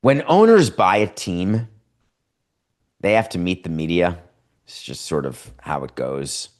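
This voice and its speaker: A man's voice: low voice, animated, measured pace, a little mellow. Sardonic man hosting a sports show. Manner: sardonic, mocking impressions of owners. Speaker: podcast host. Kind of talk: sarcastic sports commentary. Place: home studio.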